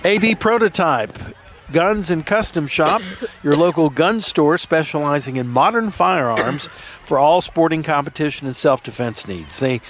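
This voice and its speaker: An easygoing man with a fairly high voice calls a night parade live. He reads sponsor ads in a folksy way, with small stumbles and laughs. Faint vehicle noise sits behind him. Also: expressive, normal speed, fairly bright tone. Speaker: parade commentator. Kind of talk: live event commentary, reading sponsor blurbs. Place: outdoors at a street parade at night.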